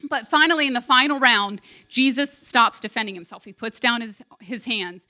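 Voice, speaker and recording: A woman's voice: on the high side, moderate pace, bright, forceful tone. A woman preaching a heartfelt sermon, retelling a story with earnest emotion.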